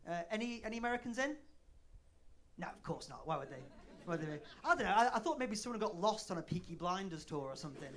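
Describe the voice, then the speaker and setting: A man's voice: high voice, animated, fast talker, fairly bright tone. A man in his thirties from northern England doing a live stand-up set, bantering with the crowd in a sweary, self-deprecating way. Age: 30s. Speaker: stand-up comedian. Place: comedy club stage.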